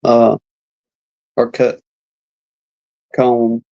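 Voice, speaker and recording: A man who keeps bees, musing in a measured way during a casual live-stream chat over a video call. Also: medium pitch, monotone, vocal fry, dark tone. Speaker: beekeeper. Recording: dull lo-fi stream audio.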